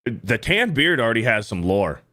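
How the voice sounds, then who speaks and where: A man's voice: mid-range voice, big pitch swings, normal speed, sharp tone. A man hosting a casual livestream, cursing freely and reading out viewer donations and messages. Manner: profane, loose, reads donor messages aloud. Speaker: show host reading super chats.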